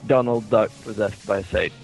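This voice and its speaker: A man playing a tabletop game, halting and joking. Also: fairly low pitch, vocal fry, soft background music, low-quality recording. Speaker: player. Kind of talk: casual tabletop play.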